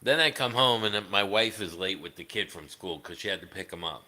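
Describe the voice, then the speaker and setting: Talking fairly quickly in a low, sharp voice, this livestreaming guitarist rambles, curses and fills gaps with filler words, all under a long reverb tail.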